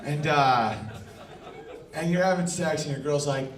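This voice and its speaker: A man's voice: fairly high pitch, normal speed. A middle-aged man doing a crude, brash stand-up comedy set on a club stage, acting out quoted exchanges as the audience laughs. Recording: roomy live club sound from a distance.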